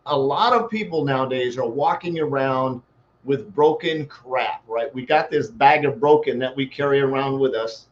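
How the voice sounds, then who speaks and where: A man's voice: mid-range voice, normal speed, dull audio. A man giving a motivational talk as a life coach, telling a folksy, rambling story built on homespun analogies.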